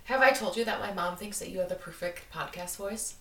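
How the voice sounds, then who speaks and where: A woman's voice: mid-range voice, brisk, pushed and bright, far from the mic, a little hiss or hum. A woman with an Upper Midwest American accent hosting a podcast in a giggly, rambling casual chat full of "like". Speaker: podcast host. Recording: roomy, a little off-mic.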